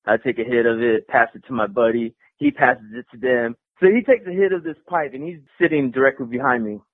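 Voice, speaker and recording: A young man telling a story in a casual, profane, animated way, acting out the voices as he goes. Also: mid-range voice, brisk, no echo. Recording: tinny phone-line radio call.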